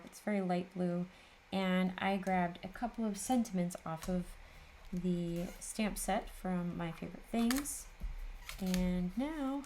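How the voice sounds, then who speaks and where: There's slight background noise as a woman with a mid-range voice crafts on camera for her papercraft video. She keeps up a tired, casual chat and laughs at herself often.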